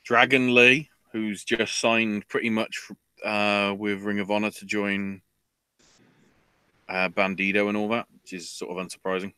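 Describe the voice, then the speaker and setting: Man, podcast co-host, casual rambling chat, lowish pitch, bright tone, dry close sound. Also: flat delivery, unhurried, smooth, no echo. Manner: rambling, with frequent fillers. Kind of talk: casual wrestling news chat.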